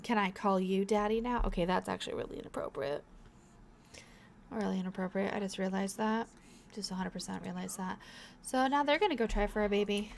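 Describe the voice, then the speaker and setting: A woman's voice: mid-range voice, brisk, creaky, a little hiss or hum. A young woman hosting a let's play, giving casual gameplay commentary in a chatty, encouraging way as she thinks aloud.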